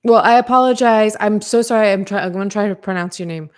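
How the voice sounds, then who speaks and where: A woman hosts a podcast livestream and talks straight to her chat. She rambles casually, full of fillers and restarts, and speaks frankly, even swearing at times. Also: medium pitch, fast. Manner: talks to live chat readers. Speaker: podcast host.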